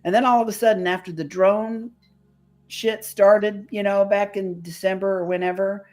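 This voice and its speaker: A woman's voice: medium pitch, fairly even intonation, normal speed, darkish tone. A woman chatting casually on a streamed show, telling stories with some mild swearing. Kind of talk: casual chat. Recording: faint music behind.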